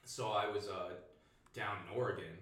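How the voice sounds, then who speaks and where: 若い男性ゲスト、悪態まじりに生き生きと語る、反響する部屋で遠いマイク. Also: male voice, lowish voice, moderate pace. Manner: animated, profane, laughs through his story. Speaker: guest. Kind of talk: casual storytelling. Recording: echoey room, distant mic.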